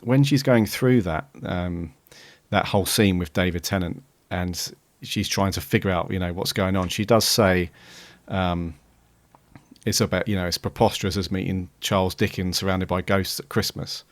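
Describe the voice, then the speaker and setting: A man's voice: sits low, fairly even intonation, normal speed, no room sound. A man co-hosting a podcast, chatting casually and thinking aloud with frequent "um"s. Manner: hesitant, many "um"s while thinking aloud. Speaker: podcast co-host. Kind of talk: casual chat reviewing an episode.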